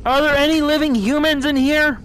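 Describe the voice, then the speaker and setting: A man voicing a nervous, goofy male frog puppet in a high, thin, nasal voice, commenting jokily and in a panic while he plays in character. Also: fairly even intonation, fairly quick, fairly bright tone, slight background noise. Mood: scared. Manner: panicky, jokey, blurts out beep-boop noises. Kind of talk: in-character let's play commentary.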